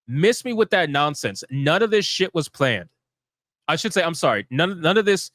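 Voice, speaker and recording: A man's voice: fairly high pitch, lively intonation, moderate pace, a bit bright, dry recording, studio quality. A man hosting a live stream, giving heated, profane commentary in a fired-up, emphatic way.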